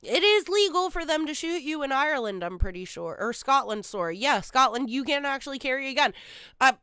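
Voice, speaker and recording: Woman, streamer, blunt and profane, dry close sound, high voice. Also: sing-song, fairly quick, sharp tone, no room sound. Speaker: streamer reacting to a video. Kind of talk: casual reaction commentary.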